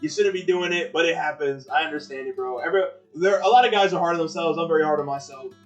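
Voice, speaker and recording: A man's voice: a little high, fast, highs cut off, faint music behind. A young man co-hosting a casual anime review podcast, rambling along in slang full of "like" and "bro". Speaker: podcast co-host.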